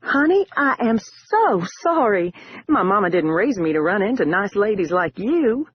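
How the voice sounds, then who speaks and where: A cool-headed young woman con artist who talks in short, businesslike lines, as a male narrator puts her on. The voice is husky and a little raised, with a lively lift. It sounds dull and lo-fi, like an old audiobook recording. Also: fairly high pitch, moderate pace, no room sound. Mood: syrupy Southern act.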